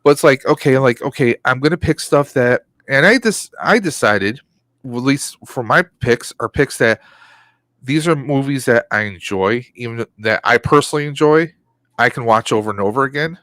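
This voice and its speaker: A male podcast co-host chats casually, joking and rambling with plenty of fillers. His voice sits at a middle pitch. The recording is dry and close, with no room echo. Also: lively intonation, moderate pace, fairly bright tone.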